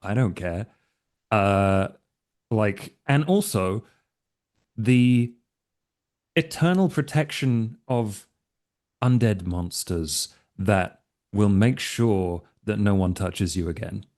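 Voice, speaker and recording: A man's voice: fairly low pitch, takes it slowly, long pauses, a little mellow. A man playing a tabletop game, speaking in character in a laid-back, offhand, persuasive way. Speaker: player.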